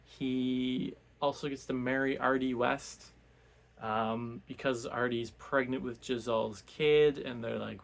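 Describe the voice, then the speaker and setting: Gravelly man recapping a book. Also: medium pitch, steady tone, measured pace. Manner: rambling, many fillers and restarts. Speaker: book club reviewer.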